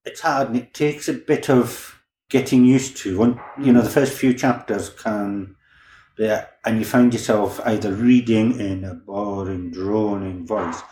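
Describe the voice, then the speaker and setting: A man's voice: fairly low pitch, measured pace, dark tone. A man, a crime novelist, chatting easily in a podcast interview and often restarting his words. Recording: roomy echo, faint background ambience.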